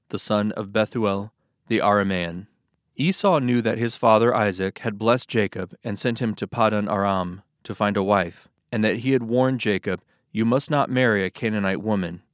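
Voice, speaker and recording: A man reading Bible passages aloud as scripted narration, with a steady, even storytelling delivery. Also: fairly low pitch, no room sound, studio quality. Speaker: Bible reader.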